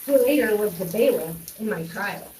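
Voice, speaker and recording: A woman's voice: mid-range voice, lively intonation, moderate pace, warm tone, far from the mic, a little hiss or hum. Woman telling her story, rambling, echoey room. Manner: rambling, restarts and many fillers. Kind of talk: personal storytelling monologue. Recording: echoey room, voice off-mic, faint running water.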